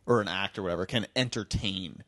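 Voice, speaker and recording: A man's voice: deep voice, quick pace, a bit bright, dry recording. A man hosting a casual podcast, reading music news and joking, laughing often. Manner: laughs often, jokey, swears. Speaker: podcast host.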